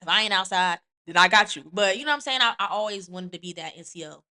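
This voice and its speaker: A woman hosting a podcast and serving as an Army NCO, talking bluntly with lots of profanity in a candid, animated chat. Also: medium pitch, quick pace.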